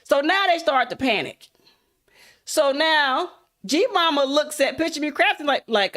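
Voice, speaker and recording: A woman's voice: sits high, lively intonation, unhurried, a bit bright. A woman giving a motivational talk through a folksy, casual story, speaking straight to her listeners. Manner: folksy, addresses listeners as y'all. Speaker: content creator, motivational speaker.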